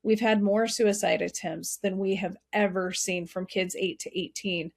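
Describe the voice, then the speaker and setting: A middle-aged woman speaks as a podcast guest, recounting a hard family story. She is earnest and heartfelt and often restarts her sentences. Her voice sits in an ordinary middle pitch. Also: fairly even intonation, moderate pace, darkish tone. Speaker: podcast guest, nonprofit founder. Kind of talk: emotional personal storytelling.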